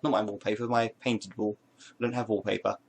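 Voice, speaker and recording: A man's voice: lowish voice, flat delivery, fairly quick, gravelly. Jokey man showing off hats. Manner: playful, rambling, jokey asides. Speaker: vlogger. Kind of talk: casual show-and-tell to camera.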